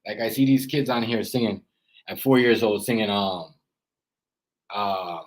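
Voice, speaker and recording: In a lowish, slightly slow voice over poor audio, this dad and reaction vlogger wanders through casual commentary. His earnest parenting lectures are sprinkled with "you know" and "as I said."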